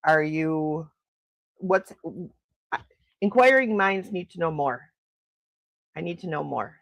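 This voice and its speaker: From her home in snowy Milwaukee, a woman hosts a casual morning livestream, greeting viewers and exclaiming often at their comments. Her gravelly voice is slow and animated with wide pitch swings, captured dry and close on a desk mic with no echo.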